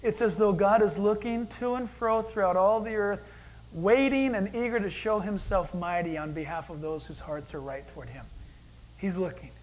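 A man preaching a sermon as pastor, animated, acting out God's voice in quoted asides. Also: high-pitched, normal speed, poor audio.

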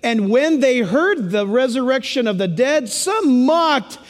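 Guy preaching a sermon, real high voice, acts out little voices, echo of a big hall. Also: measured pace. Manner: animated, acts out quoted voices for humor.

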